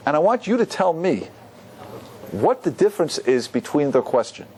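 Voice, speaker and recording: Lively rabbi teaching a class. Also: male voice, a little high, normal speed, slight background noise. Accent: Ashkenazi Hebrew pronunciation. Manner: lively teaching, asks the audience questions. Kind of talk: Torah class.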